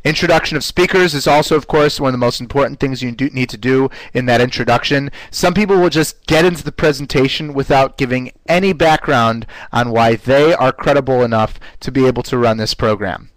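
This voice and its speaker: A man teaching a live online class on running webinars, speaking in an energetic coaching manner and often repeating words as he goes. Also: medium pitch, a little fast, hardly any pauses, no room sound, low-quality recording. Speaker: webinar instructor.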